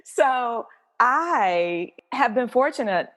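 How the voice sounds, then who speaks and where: A woman's voice: a little high, expressive, very slow, fairly bright tone, long reverb tail. A woman hosting a podcast interview, chatting in an effusive, enthusiastic way. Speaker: podcast host. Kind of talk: casual interview chat.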